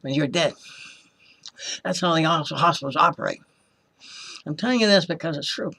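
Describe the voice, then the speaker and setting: A man with a fairly high voice gives a personal testimony about his time as a hospital patient. He talks with passion and accusation, and circles back to repeat his points. He switches into other people's voices as he retells conversations. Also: lively intonation, normal speed, gravelly, bright, forceful tone, husky. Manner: impassioned and accusing, repeats himself, acts out quoted voices.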